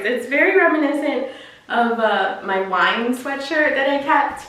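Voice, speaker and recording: Woman reviewer, high voice, chatty and gushing, boomy distant room sound. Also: lively intonation, measured pace, bright, forceful tone. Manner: chatty and gushing, talks to the clothes. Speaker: clothing subscription box reviewer. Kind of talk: casual unboxing and try-on chat. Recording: echoey room, mic at a distance.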